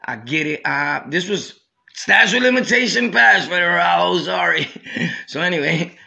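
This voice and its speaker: A man's voice: high voice, expressive, moderate pace, creaky, bright, forceful tone. A man from Brooklyn with a New York accent, hosting a podcast and telling stories in streetwise slang, often saying "you know what I'm saying". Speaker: podcast host. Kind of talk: storytelling.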